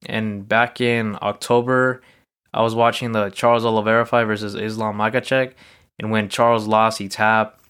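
A man's voice: lowish voice, level tone, moderate pace, fairly bright tone, smooth. A man hosting a podcast, telling a loose, rambling personal story in a casual solo monologue, full of fillers. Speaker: podcast host.

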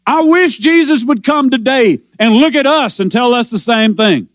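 A man preaching a sermon, explaining scripture with rising passion and drawn-out quotes. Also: extremely high pitch, animated, no echo. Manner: impassioned preaching, slows and swells on scripture quotes.

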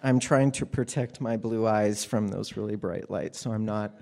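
A man's voice: fairly low pitch, normal speed, gravelly, darkish tone. A man telling a candid personal story to an audience from a stage, plainspoken and wry. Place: stage under bright lights.

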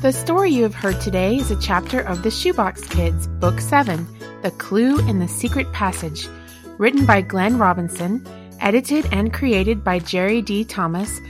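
A woman reading closing credits as an announcer, in a measured, formal manner. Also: mid-range voice, lively intonation. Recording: music bed behind voice.

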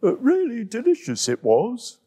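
A man's voice: very high-pitched, wildly swooping pitch, dark tone, husky, voice pushed up, exaggerated voice. A man voicing a greedy male hippo who talks lazily, full of ums and uhs. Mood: lazy, smug. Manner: slow, lazy, with ums and uhs.

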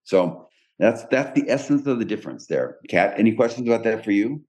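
A man's voice: on the low side, lively intonation, brisk, darkish tone. A man hosting a podcast, explaining his coaching approach in a direct, explanatory way with frequent restarts. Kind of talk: casual podcast talk.

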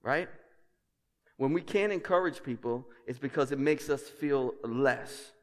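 A man preaching a sermon as pastor, emphatic, dropping to a hush and then rising loud, with rhetorical questions to the congregation. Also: medium pitch, measured pace. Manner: emphatic, swings between hushed and loud. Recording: reverberant church hall.

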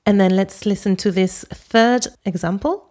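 A woman with a Parisian accent hosts a scripted language-learning podcast. She explains pronunciation clearly and patiently, then demonstrates French phrases herself. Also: medium pitch, normal speed, a little mellow. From Paris, France. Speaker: podcast host and French teacher.

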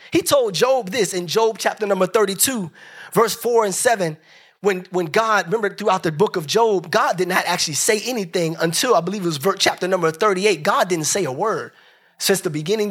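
A male pastor delivers his sermon with a husky, slightly breathy voice. He talks in a loose, everyday style and pushes hard on his key points, sometimes breaking into a shout. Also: high voice. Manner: emphatic, colloquial, at times shouting. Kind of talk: preaching a sermon.

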